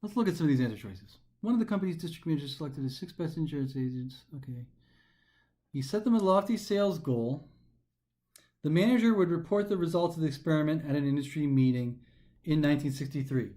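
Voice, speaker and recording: A male instructor walking through practice test questions, reading passages aloud and then thinking them through. His voice sits a little on the high side, and he talks in an animated, lively way. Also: fast.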